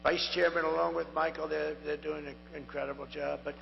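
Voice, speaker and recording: This is a dull, humming, echoey hall feed from a large rally, where a 70-something candidate repeats himself, rambles and boasts in asides. His voice is a little high and gravelly, delivered flat and brisk, and sounds strained and wearing out.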